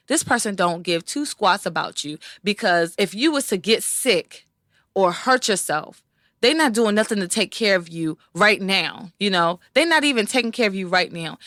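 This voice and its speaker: Bright-voiced woman co-hosting a podcast. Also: medium pitch, no room sound, clean studio sound. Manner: animated storytelling, acts out quoted voices. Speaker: podcast co-host. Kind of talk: casual conversation.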